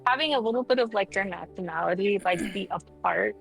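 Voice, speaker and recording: A woman's voice: medium pitch, fast, vocal fry, a bit bright, faint music behind, rough recording. A woman guest on a casual livestream chat who rambles with lots of filler words and swears casually. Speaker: guest streamer.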